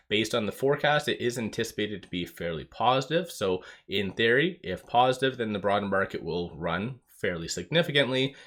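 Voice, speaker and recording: A man's voice: lowish voice, fairly bright tone. A man talking through stock market data and short-selling figures in a casual commentary, reading out numbers steadily with some filler words.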